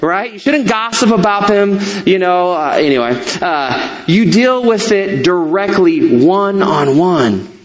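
A man's voice: high voice, expressive, takes it slowly. A middle-aged man, a pastor, preaching a sermon in a conversational way, with asides and self-corrections.

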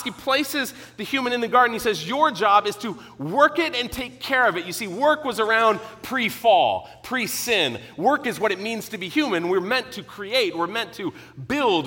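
A middle-aged man preaching a sermon, earnest and emphatic, teaching with pauses and restarts. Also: high voice, pushed and bright. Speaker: pastor.

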